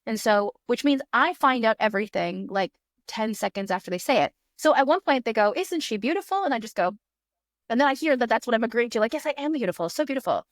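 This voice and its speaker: A woman in her thirties, a magician guest on a podcast, telling an animated story and acting out her own past thoughts in quick voices. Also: a little high, no room sound, studio quality. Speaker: guest magician and fire eater.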